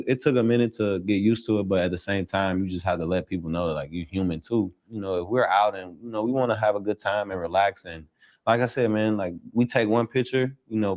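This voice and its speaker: Deep-voiced, laid-back young man. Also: darkish tone. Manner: laid-back, casual slang, many "you know"s. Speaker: interview guest, football player. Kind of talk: relaxed interview conversation.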